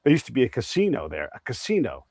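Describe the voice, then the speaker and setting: A man's voice: medium pitch, wildly swooping pitch, fast, gravelly, a little mellow, breathy edge, no echo. Rambling man telling stories. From United States. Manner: rambling, storytelling with many restarts. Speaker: podcast host. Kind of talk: conversational interview.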